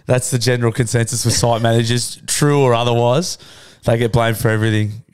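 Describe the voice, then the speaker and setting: Laid-back Australian podcast host. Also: male voice, mid-range voice, flat delivery, a little fast, clean tone. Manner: laid-back, sweary banter. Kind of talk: casual podcast chat.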